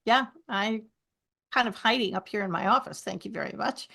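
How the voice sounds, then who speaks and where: A middle-aged woman, a podcast guest, telling stories with lively asides. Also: medium pitch, normal speed, vocal fry, husky. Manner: animated storyteller, lively asides. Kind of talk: podcast conversation.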